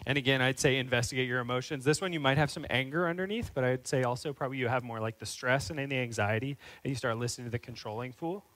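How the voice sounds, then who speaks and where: A man's voice: medium pitch, fairly bright tone, rough recording. A man preaching a sermon as a pastor, earnest and building into fervent, emphatic questions.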